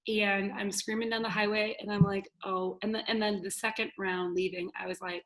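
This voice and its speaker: A woman, a podcast guest telling a story with lively, loud acted-out quotes. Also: medium pitch, fairly quick, poor audio. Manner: animated, acts out quotes loudly, laughs often. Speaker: podcast guest, business owner. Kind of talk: casual storytelling.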